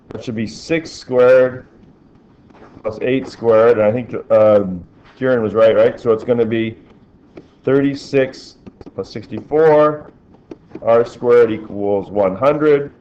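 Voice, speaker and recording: A man's voice: medium pitch, lo-fi sound. A male teacher in a classroom, talking through problems and asking the class questions as he works. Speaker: physics teacher.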